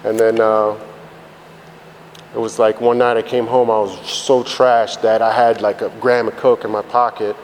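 Recorded in a reverberant hall with faint background noise, this man tells his recovery story bluntly and profanely, rambling and full of fillers. His lowish, darkish voice shows little pitch movement, and his pace is moderate.

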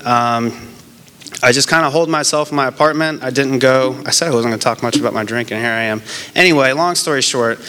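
Smooth-voiced man rambling through his story. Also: medium pitch, a bit bright. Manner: rambling, halting, many fillers and restarts; candid and self-deprecating. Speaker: person in recovery sharing his story. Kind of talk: casual personal testimony.

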